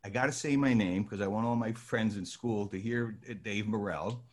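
An older man from New Jersey telling a lively anecdote, acting out the voices of the people in it. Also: lowish voice, normal speed. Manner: lively, acts out voices in his story. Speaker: storyteller guest.

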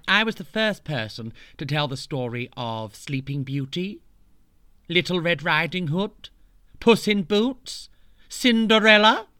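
A man's voice: high voice, sharp tone, clear, resonant tone, no room sound, clean studio sound. A man narrating a storybook tale in a camp, playful, mock-grand way, full of cheeky asides.

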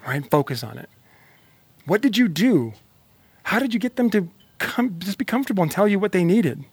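A man's voice: high-pitched, sing-song, normal speed, slightly rough, no room sound. A man giving an emphatic motivational talk straight to the listener, repeating phrases to build energy. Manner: emphatic, repetitive, fired-up; talks directly to the listener. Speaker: motivational speaker. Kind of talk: motivational monologue.

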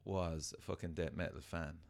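A man's voice: deep voice, fairly even intonation, moderate pace, vocal fry. A man hosting a casual podcast interview, blunt and enthusiastic, swearing freely. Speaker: podcast host.

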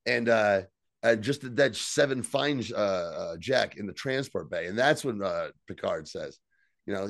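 Gravelly guy on a podcast, swears a lot, super dry sound. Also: on the low side, a little slow, no room sound. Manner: profane, loose plot recap. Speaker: podcast co-host. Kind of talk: casual podcast chat.

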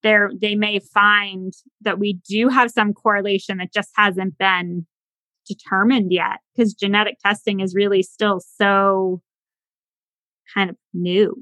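Bright-voiced woman podcast host. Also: mid-range voice, flat delivery, unhurried, no echo, rough recording. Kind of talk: casual interview chat.

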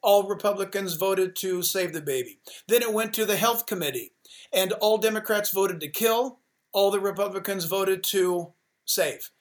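A man who is a pastor, talking with sermon-like passion and driving, repeated phrases. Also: sits high. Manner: emphatic, rapid-fire repetition. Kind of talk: impassioned sermon-like talk.

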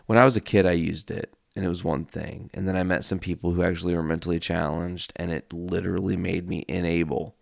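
A man with a very low, gravelly voice hosts his podcast, telling a rambling story with lots of swearing and quick acted-out quotes. The sound is close and dry, with no room around it. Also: steady tone, dry recording. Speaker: podcast host. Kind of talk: casual storytelling monologue.

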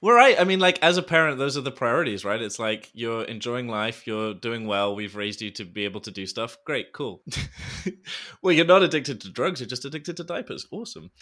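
A man hosting a podcast in casual chat, enthusiastic and quick to laugh, swearing freely. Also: medium pitch, animated, bright, forceful tone. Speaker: podcast host.

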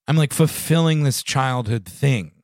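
Podcast host: sleep-deprived man in his thirties, medium pitch, jokey deadpan banter, dry close mic. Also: unhurried, no echo. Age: 30s. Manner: jokey, deadpan mock-solemn asides. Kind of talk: casual banter.

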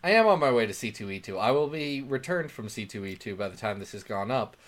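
A man's voice: fairly low pitch, quick pace. A man co-hosting a casual comics podcast, joking around and slipping into mock accents. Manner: jokey, animated, mock accents. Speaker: podcast co-host.

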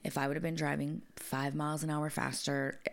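Low-voiced woman with a gravelly edge, podcast co-host, loose and profane storyteller. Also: little pitch movement, fairly quick. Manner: storytelling, frequent swearing and fillers. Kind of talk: casual chat.

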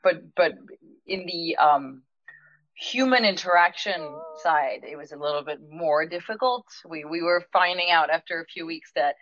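A woman's voice: on the low side, moderate pace, muffled recording, a little hiss or hum. A woman who owns a restaurant recounts an anecdote, laughing often and acting out the lines of the people in her story. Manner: lively, laughs often, acts out quoted dialogue. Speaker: restaurant owner telling a story.

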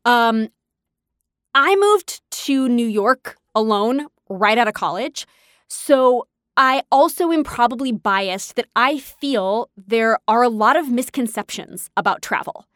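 Woman, podcast host, casual storytelling, chatty, enthusiastic, fairly high voice, dry close sound. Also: expressive, slow pace, a bit bright, dry recording. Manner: chatty and enthusiastic, laughs often.

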